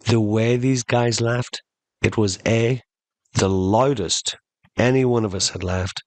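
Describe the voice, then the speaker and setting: A man hosting a podcast, telling a funny story in an animated way and slowing down for emphasis. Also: mid-range voice, no echo. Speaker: podcast host. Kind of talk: comedic storytelling monologue.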